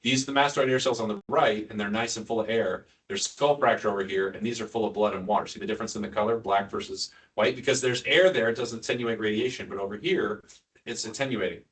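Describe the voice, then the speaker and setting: A neurosurgeon gives ICU staff an informal teaching lecture, quizzing the room and joking throughout. His fairly low, fairly bright voice moves at a quick pace and is picked up by a distant mic.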